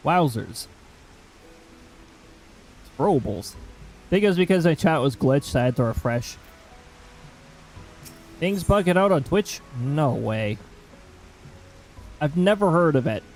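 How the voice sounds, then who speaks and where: Chatty male game streamer, lively voice. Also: a little high, rough recording. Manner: chatty, rambling asides. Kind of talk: casual chat while streaming a game.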